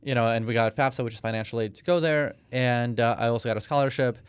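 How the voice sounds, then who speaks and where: Smooth-voiced Russian-born man, thirties. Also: medium pitch, fast, no room sound. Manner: storytelling, hesitant with many restarts and fillers. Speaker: guest. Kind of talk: conversational interview.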